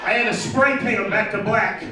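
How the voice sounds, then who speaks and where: A man's voice: high voice, fairly even intonation, fairly quick, noisy background. A man doing a crude, brash stand-up set and teasing the crowd at a live event. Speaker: stand-up comedian. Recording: echoey distant mic with crowd. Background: audience chatter and laughter.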